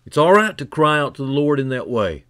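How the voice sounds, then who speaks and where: A man preaching a sermon who builds from quiet, low passages to loud, fervent climaxes and repeats key phrases for emphasis. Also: sing-song, a little fast, clear, resonant tone, no room sound, clean studio sound.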